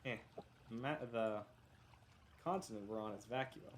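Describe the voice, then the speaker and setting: A man's voice: fairly low pitch, a little slow. A man running a tabletop game, recapping the last session in a loose, rambling way, correcting himself often, coughing now and then because he is unwell. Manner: rambling, self-correcting, joking. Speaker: game master.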